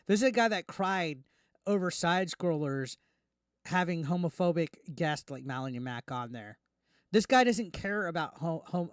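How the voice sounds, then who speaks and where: A man hosting a reaction commentary, ranting indignantly and quickly, tripping over restarts as he talks. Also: fairly high pitch, no echo, clean studio sound. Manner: heated, indignant, fast with repeated restarts. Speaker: YouTube commentary host.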